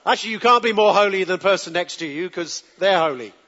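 A man preaching a sermon in a relaxed, conversational way, often asking the congregation to join in and answer back. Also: high voice, fast talker. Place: church hall with congregation. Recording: dull lo-fi recording with long hall reverb.

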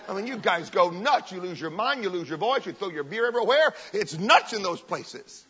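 Preacher guy, high voice, kinda husky, big swings up and down, echoey hall. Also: very animated, brisk. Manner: fervent, emphatic preaching with loud bursts and joking asides. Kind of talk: sermon. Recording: long hall reverb, dull lo-fi sound.

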